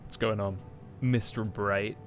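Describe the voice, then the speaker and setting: A man's voice: lowish voice, steady tone, measured pace, faint music behind. A man streaming a game, chatting casually in a sweary, joking way. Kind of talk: casual gameplay commentary.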